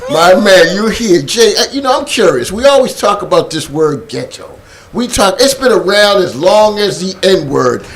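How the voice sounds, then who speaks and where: A male host carries a casual talk show with playful banter. His voice sits high and swings widely in pitch as he jokes and laughs with his guests. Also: big pitch swings, moderate pace. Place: church basement studio.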